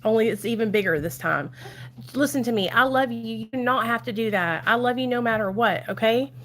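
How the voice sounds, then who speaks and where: This woman in her thirties has a Southern US accent and a slightly high, brisk voice. She chats casually and warmly on a live stream from her home, laughing a lot.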